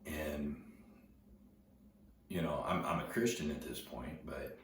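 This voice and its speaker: A middle-aged man telling a personal story in a halting way, often repeating words as he recalls events. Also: a bass voice, a bit bright. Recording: very echoey room, distant mic, noticeable background noise.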